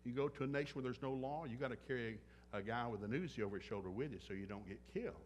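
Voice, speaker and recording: A man's voice: medium pitch, very fast, slight background noise. A man preaching a sermon at a church service, blunt and joking, acting out little scenes with other voices. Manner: joking, blunt, acts out dialogue. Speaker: pastor. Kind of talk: sermon with acted-out anecdotes.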